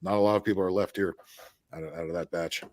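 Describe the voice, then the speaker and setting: A man's voice: low voice, steady tone, dry recording. A man in casual chat, swearing often and restarting his sentences. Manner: profane, halting with repeated restarts.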